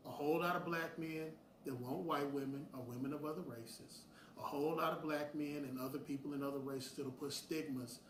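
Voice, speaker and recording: The same blunt, preachy middle-aged host addresses his audience directly, breaking into heated bursts as he airs his opinions. His mid-range, somewhat bright voice sounds roomy and distant, with slight background noise.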